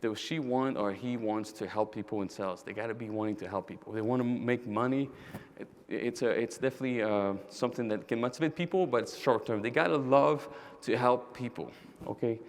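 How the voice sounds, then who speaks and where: Male keynote speaker, mid-pitched, energetic, tells stories and asks the crowd questions. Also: a little fast, slight background noise. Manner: energetic, directly addresses the audience; storytelling with quoted dialogue. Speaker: keynote speaker, roofing company owner. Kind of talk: conference keynote talk.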